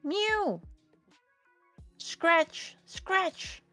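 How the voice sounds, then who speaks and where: Woman doing a shrill mewing tomcat. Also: expressive, very slow, sharp tone, faint music behind, heavily acted. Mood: plaintive. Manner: high plaintive mewing cries.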